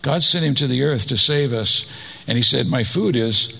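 A man's voice: medium pitch, moderate pace, vocal fry, sharp tone, breathy edge. A man preaching a sermon, asking the listeners rhetorical questions and adding personal asides.

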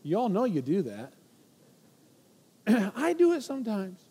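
A man in his forties preaching a sermon as pastor, animated and playful, acting out worried voices to make a point. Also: high-pitched, unhurried, breathy edge, big-room sound. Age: 40s.

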